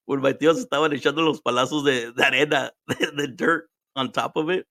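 Bright-voiced Mexican man swapping languages. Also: mid-range voice, steady tone, fast, creaky, no room sound, studio quality. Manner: swears freely, switches between English and Spanish, laughs often. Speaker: podcast host. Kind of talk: casual storytelling chat.

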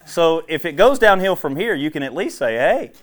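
A man's voice: a little high, lively intonation, a little fast, a bit bright. A man preaching casually to a small group in a meeting room, joking and folksy, chatty, recorded on a clip-on wire mic.

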